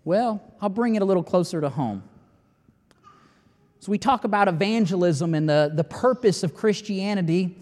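A man preaching a sermon as pastor, emphatic and building to near-shouting, with long dramatic pauses. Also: high-pitched, animated. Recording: long reverb of a large hall.

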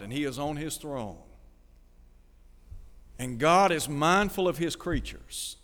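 A man's voice: a little high, a bit bright, big-room sound. A man preaching a sermon, reading scripture and putting questions to his listeners. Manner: asks the listeners rhetorical questions.

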